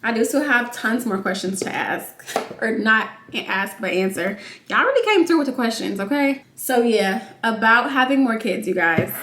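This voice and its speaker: Young woman vlogger, chatty and loose, slightly raised pitch, recorded in a reverberant home room. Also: sing-song, moderate pace, a bit bright, a little hiss or hum. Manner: chatty, informal, says "like" and "y'all" constantly. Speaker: vlogger, new mother. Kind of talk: casual chat while doing makeup.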